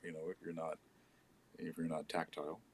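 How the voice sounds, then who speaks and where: A middle-aged man co-hosting a casual live chat with viewers, speaking earnestly and growing animated when he acts out everyday exchanges. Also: extremely low pitch, brisk, a loud crowd. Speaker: co-host.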